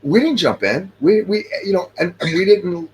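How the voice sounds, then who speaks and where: A man's voice: high-pitched, lively intonation, normal speed, slight background noise. A middle-aged man in casual chat, talking emphatically and repeating his points.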